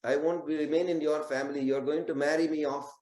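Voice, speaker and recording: A man's voice: fairly high pitch, level tone, quick pace, darkish tone, lightly acted. Male storyteller doing selfless young daughter, earnest, a bit raised, roomy echo.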